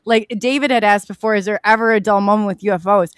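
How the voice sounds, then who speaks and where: A woman's voice: mid-range voice, fairly even intonation, fast, clean tone, no echo. Woman host, chatty, filler-heavy, laughs easily, dry close sound. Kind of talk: casual conversation.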